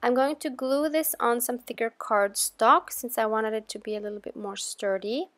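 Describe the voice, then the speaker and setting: Chatty woman with a higher, dry voice. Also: normal speed, no echo. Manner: chatty and relaxed, with gentle laughs. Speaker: crafting channel host. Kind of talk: casual tutorial voice-over.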